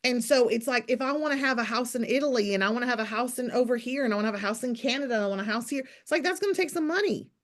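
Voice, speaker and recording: A woman in her thirties coaching her accountability group on a call, talking fast and emphatically in a preachy, teasing pep talk. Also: fairly high pitch.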